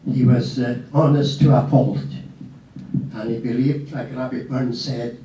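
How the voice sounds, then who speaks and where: Slow, dark-voiced man giving a eulogy. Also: mid-range voice, steady tone. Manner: reflective, quoting poetry. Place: memorial hall. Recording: echoey hall from far off.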